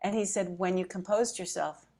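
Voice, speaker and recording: A woman's voice: fairly low pitch, moderate pace. Middle-aged woman co-host, casual and emotional, acts out what she thought. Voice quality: emotional, close to tears at times. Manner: animated storyteller, acts out her own thoughts. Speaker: podcast co-host. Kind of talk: casual chat.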